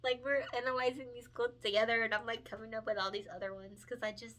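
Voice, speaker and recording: A woman's voice: on the high side, little pitch movement, fast, fairly bright tone. A young woman, a picture book illustrator, chatting casually and earnestly while coloring, with lots of fillers and laughs. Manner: chatty, earnest, many fillers and self-corrections; emotional and encouraging, laughs often.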